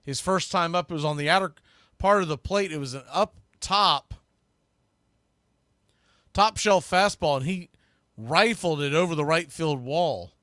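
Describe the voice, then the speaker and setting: A man calling baseball play-by-play for a live stream watch party, talking through game strategy and getting louder on the big pitches. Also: a little slow, pauses often, no room sound, clean studio sound. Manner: conversational, analytical, bursts louder on big pitches. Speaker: play-by-play announcer.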